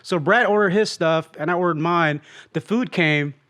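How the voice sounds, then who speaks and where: A man from Long Beach spins a rambling story in easygoing podcast talk, often restarting his sentences and slipping into other people's lines. His voice sits noticeably high for a man. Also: normal speed, fairly bright tone. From Long Beach, California. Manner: rambling, restarts, acts out quotes. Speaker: guest and road companion.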